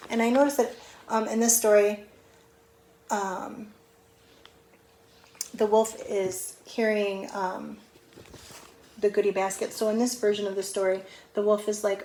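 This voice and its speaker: A woman teacher reading a picture book aloud to children, gently explaining words as she goes. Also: mid-range voice, steady tone, unhurried, pauses often, slight background noise, low-quality recording.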